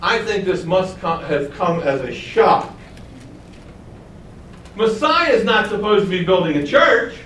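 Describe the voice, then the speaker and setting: A man's voice: high voice, expressive, unhurried, long pauses, fairly bright tone, echoey room, distant mic, slight background noise, low-quality recording. A man preaching a sermon, teaching with rhetorical questions and asking his congregation to follow along. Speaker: pastor.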